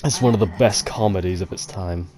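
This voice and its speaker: A man's voice: low voice, fairly quick, warm tone. A man chatting casually while playing a game, rambling, laughing easily and swearing. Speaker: let's-play gamer. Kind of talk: casual commentary chat.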